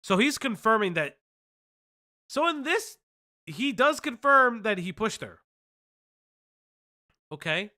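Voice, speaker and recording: A man's voice: high voice, sing-song, slow pace, pauses often, bright, forceful tone. A man commenting on a live stream, swearing and reacting with sarcastic exasperation.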